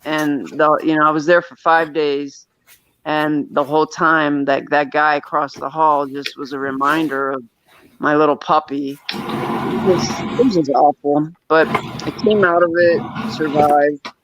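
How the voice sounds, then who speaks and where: A man's voice: a little high, little pitch movement, a little slow, a bit bright, slight background noise. A man casually telling a long personal story as a guest, rambling with frequent restarts and nervous little laughs. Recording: dull, lo-fi sound.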